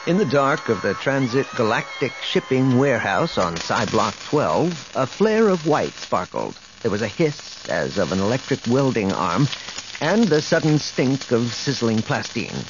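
Husky, expressive male audiobook narrator. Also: medium pitch, a little slow, no room sound, lo-fi sound. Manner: expressive storytelling. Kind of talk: scripted narration.

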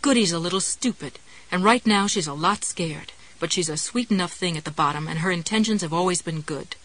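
Give me a woman playing a blunt furious inner voice in a storybook, loud and accusing. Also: on the low side, fairly quick, rough recording. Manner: angry, sharp, interrogating.

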